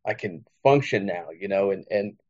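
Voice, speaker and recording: A man sharing at a recovery meeting, reflective and halting, with many fillers. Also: lowish voice, expressive, darkish tone, muffled recording.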